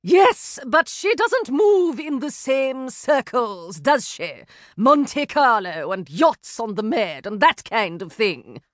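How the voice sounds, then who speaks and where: Woman narrator voicing a snobbish aristocratic lady, disapproving, haughty, slow drawn-out lines. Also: a little high, big pitch swings, no echo, clean studio sound. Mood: disdainful. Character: snobbish, peevish aristocratic sister-in-law, woman.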